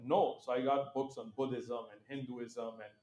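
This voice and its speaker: A middle-aged man as an interview guest, telling stories in a lively, casual way, acting out quoted voices and laughing often. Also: mid-range voice, moderate pace, roomy sound.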